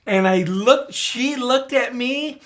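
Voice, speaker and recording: A man co-hosts a podcast in relaxed conversation. He tells stories earnestly and directly, keeping to the point. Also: extremely high pitch, slow pace. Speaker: podcast co-host. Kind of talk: casual chat.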